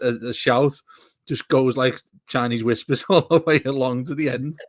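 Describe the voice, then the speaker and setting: A man's voice: mid-range voice, fairly even intonation, normal speed, no room sound, studio quality. A man co-hosting a football fan podcast, talking in a rambling, casual way with frequent restarts. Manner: rambling, restarts often, laughs while talking. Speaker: podcast co-host. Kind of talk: casual chat.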